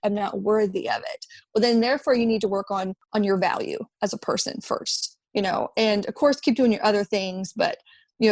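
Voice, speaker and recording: A woman's voice: on the high side, a little mellow, no room sound. A woman in her thirties, a podcast guest, talking earnestly in a conversational interview and often repeating words as she thinks. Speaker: podcast guest, app founder.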